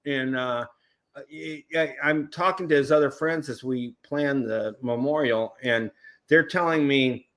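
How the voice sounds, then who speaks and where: A man chatting casually on a group video chat show, telling animated stories, acting out the people he quotes and often restarting his words. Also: mid-range voice, a little slow. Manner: self-interrupting, repeats words.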